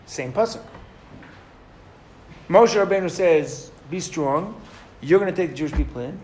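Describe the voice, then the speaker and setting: A man's voice: a little high, lively intonation, a little slow, darkish tone, slight background noise. A middle-aged man teaching a Torah lesson to a classroom, asking the students questions and reading Hebrew verses aloud.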